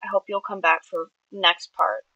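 A woman's voice: on the low side, steady tone, moderate pace, bright, forceful tone, no room sound, lo-fi sound. A woman reading her own story aloud, with small slips and self-corrections. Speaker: amateur writer.

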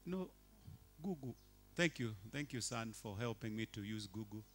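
A man, preaching a sermon as a bishop in a church, animated and shifting between quiet and loud. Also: lowish voice, moderate pace, soft background music. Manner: animated, swings from quiet to shouting.

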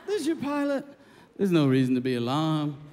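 A stand-up comedian acting out a calm male airline pilot making an intercom announcement in a soothing, official tone. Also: fairly high pitch, brisk, pitched below the performer's own voice. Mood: reassuring. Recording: long reverb, clear background noise.

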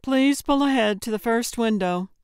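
A woman narrator voicing a male drive-through attendant through a speaker box, flat and scripted. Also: on the high side, normal speed, clear, resonant tone, dry recording, clean studio sound, voice pushed up, natural voice. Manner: emotionless, scripted.

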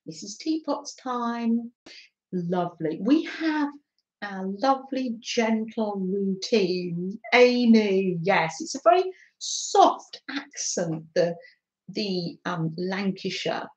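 A middle-aged woman hosting a craft live stream, chatting gently with viewers and laughing often. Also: mid-range voice, expressive, slow pace, poor audio. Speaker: craft livestream host. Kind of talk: casual live-stream chat.

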